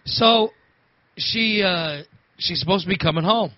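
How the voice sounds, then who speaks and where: A man's voice: high voice, a little slow, dry recording. A man telling a rambling, repetitive story in casual chat, laughing often. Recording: dull lo-fi recording.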